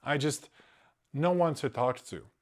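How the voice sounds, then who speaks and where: A quiet young woman scammer pleads in halting, broken English, her voice low and hesitant. A man reads her lines. She stays soft and gentle throughout. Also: lightly acted. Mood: pleading.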